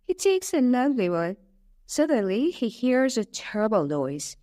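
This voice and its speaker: A woman narrating a storybook slowly and clearly for English learners. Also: fairly high pitch, dry recording, clean studio sound. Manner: slow, clear, expressive reading.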